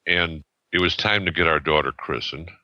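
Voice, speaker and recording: A man in his seventies, a podcast guest, telling a story in a rambling, halting way with many restarts and fillers, on a dull lo-fi recording. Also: extremely low pitch, pushed and bright, no echo. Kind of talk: casual storytelling. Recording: dull lo-fi sound.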